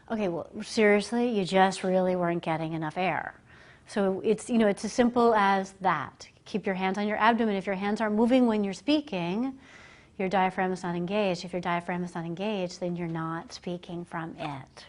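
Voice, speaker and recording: A woman at a middling pitch stands before a roomful of people as a communication coach. Her delivery is lively and chatty, and she slips into quick impressions of the voices she quotes. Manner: animated and conversational, acting out quoted voices. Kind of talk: live business presentation to an audience. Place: presentation room, speaking standing before a group.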